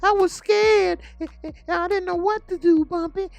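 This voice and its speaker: A man putting on a frightened young woman's falsetto. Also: fairly even intonation, creaky, full character voice. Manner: high falsetto, rushed and stammering.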